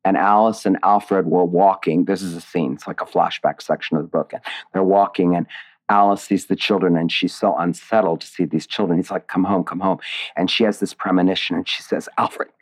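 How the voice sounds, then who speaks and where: Low and fairly quick, the voice belongs to an author and lyricist in an interview about his writing. He's expressive and digressive, sometimes emotional, and restarts often.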